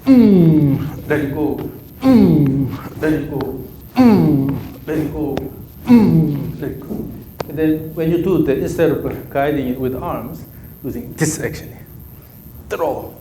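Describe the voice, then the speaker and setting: A man's voice: on the high side, normal speed, warm tone, slight background noise. A man with a Korean accent coaching a golf student, giving short, repeated cues during drills. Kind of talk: live coaching session. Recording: echoey room with faint ambience.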